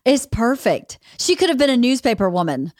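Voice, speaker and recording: A woman hosting a podcast in casual interview chat, enthusiastic and quick to laugh. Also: a little high, big pitch swings, darkish tone, dry recording, studio quality. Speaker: podcast host.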